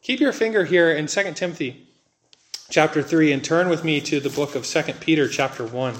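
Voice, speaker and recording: A man with a fairly high voice delivers a sermon as a pastor. He is earnest, and he stretches out the words that matter most. His speech is steady and measured between those stressed words.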